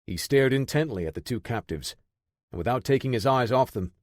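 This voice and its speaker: A male narrator reading an action thriller audiobook with steady, measured pacing and a mid-range voice. The recording is dry and close, with no room sound. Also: mid-range voice, dry recording.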